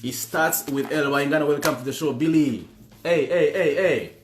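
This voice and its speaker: Playful bilingual quiz host, roomy sound. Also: male voice, fairly high pitch, moderate pace, slight background noise. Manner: playful, bilingual, greets viewers by name. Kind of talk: livestream trivia hosting. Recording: roomy with music behind.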